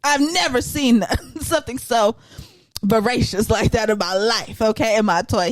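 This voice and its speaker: A woman hosting a casual podcast chat, retelling a story with lively energy and acting out the voices of the people in it. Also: on the high side, measured pace, dry recording. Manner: animated storyteller who acts out voices. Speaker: podcast host.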